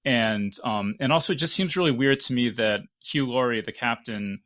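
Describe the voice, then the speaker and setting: A man's voice: mid-range voice, normal speed, fairly bright tone. A man hosting a podcast panel, thinking aloud in casual discussion with frequent restarts.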